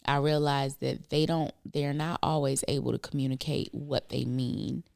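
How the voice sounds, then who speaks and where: A middle-aged woman with a low voice that carries a gravelly edge, speaking in an earnest, reflective way. She is recorded close and dry on a podcast mic, with no room sound. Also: fairly even intonation, moderate pace, dry recording. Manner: thoughtful, earnest, speaks softly at times. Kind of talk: reflective casual conversation.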